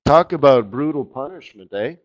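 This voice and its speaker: Excitable man hosting a trading webinar. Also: medium pitch, moderate pace, muffled recording. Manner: excitable, exclamatory, trails off while fiddling with charts. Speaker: forex market strategist hosting a live webinar. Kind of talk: live trading webinar commentary.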